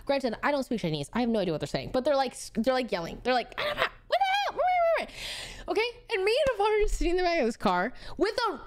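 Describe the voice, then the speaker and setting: Animated young woman telling a story. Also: high voice. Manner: animated storytelling, acts out quotes, swears casually. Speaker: streamer. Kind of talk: casual storytelling chat.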